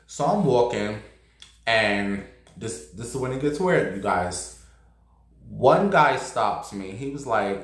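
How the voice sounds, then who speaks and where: A brash, gossipy man tells a story from his night out, swearing freely. His voice sits at a middle pitch. It sounds like it was recorded in an echoey room. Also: animated, unhurried, a bit bright. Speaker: vlogger. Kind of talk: casual storytelling.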